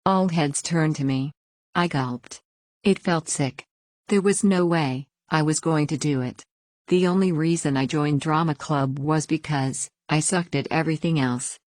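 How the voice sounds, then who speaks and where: Low-voiced woman reading a story. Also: measured pace, a little mellow, no room sound. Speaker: story reader. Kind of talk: scripted first-person story narration.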